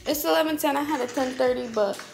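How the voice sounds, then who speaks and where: A woman's voice: sits high, quick pace, vocal fry, very noisy. A woman in her twenties vlogging in casual chat, slangy and swearing freely. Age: 20s.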